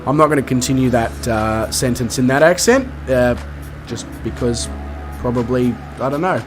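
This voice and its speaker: A man's voice: mid-range voice, normal speed, over music. A man with an Australian accent, streaming a flight game and chatting casually with his viewers in a rambling, self-mocking way. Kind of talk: casual chat with live viewers.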